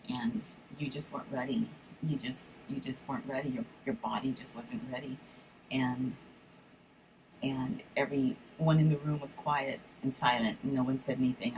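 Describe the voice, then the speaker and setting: Mother in her fifties, low gravelly voice, soft and halting, heartfelt message to her son. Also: slight background noise, low-quality recording.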